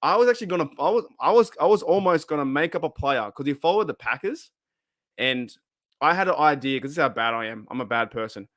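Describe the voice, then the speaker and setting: A man's voice: on the high side, lively intonation, quick pace, a bit bright, no echo, studio quality. A middle-aged Australian man hosting a live podcast, telling a long rambling story full of slang, restarts and laughter. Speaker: podcast host.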